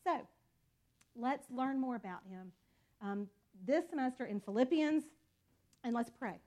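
A woman's voice: fairly high pitch, a little slow, darkish tone. A woman teaching a Bible study in an earnest, conversational way, calling her listeners y'all.

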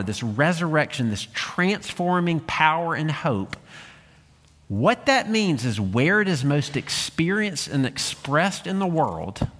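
A man's voice: on the high side, a bit bright. A man preaching a sermon in a church, in a conversational and emphatic manner, with many rhetorical questions. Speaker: pastor. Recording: long reverb of a church hall.

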